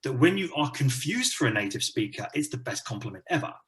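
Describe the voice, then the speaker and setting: A man, an English teacher and teacher trainer from England, talking in a relaxed, chatty way with lots of fillers during an interview conversation. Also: mid-range voice, fast, crowd noise. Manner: relaxed, chatty, frequent fillers like "you know".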